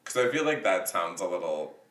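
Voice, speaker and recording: A man's voice: sits low, very animated, brisk, a bit bright. A man in casual chat, laughing often and slipping into funny impressions of movie characters. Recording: echoey room, a bit far from the mic.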